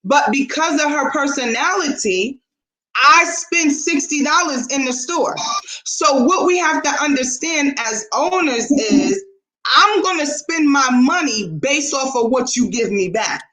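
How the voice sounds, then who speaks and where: A woman's voice: high voice, unhurried, roomy sound, low-quality recording. A woman co-hosting a casual talk show, telling a story animatedly and acting out the dialogue. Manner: animated, acts out quoted dialogue.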